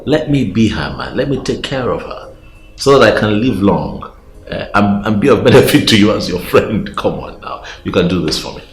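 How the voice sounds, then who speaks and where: Nigerian young man begging his buddy, deep voice that swings around, echoey room. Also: expressive, normal speed, slight background noise. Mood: pleading. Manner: pleading, coaxing. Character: pleading young man, wooing a respectful girl. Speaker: young man asking his friend for help.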